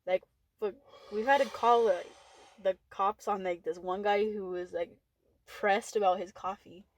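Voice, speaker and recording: A young woman, a podcast guest, calmly telling a work story with casual fillers. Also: medium pitch, measured pace. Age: young adult. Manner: relaxed, matter-of-fact retelling with fillers.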